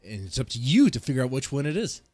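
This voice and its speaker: A man with a stuffed-up nose rambles and jokes through a casual rant, winded and coughing now and then. His voice sits at an ordinary middle pitch. The sound is dry and close, with no room echo. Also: big pitch swings, fast talker, a little mellow. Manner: rambling, joking, with coughs and sighs. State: short of breath. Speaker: vlogger host. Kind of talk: casual ranting storytime. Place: home garage studio.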